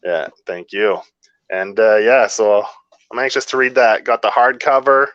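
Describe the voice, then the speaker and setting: A man's voice: fairly low pitch, fairly even intonation, unhurried, fairly bright tone, smooth, no room sound. A man co-hosting a podcast in casual chat, earnest and rambling as he gives advice. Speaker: podcast co-host. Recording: dry, slightly dull lo-fi audio.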